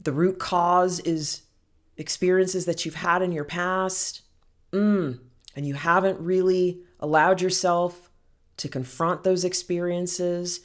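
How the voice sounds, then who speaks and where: Soft slow woman coach, lowish voice, gentle and soothing, calls you honey. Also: fairly even intonation. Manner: gentle, soothing, speaks softly and slowly; affectionate, calls listener honey and girl. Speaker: healing coach. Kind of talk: slow heartfelt self-help talk.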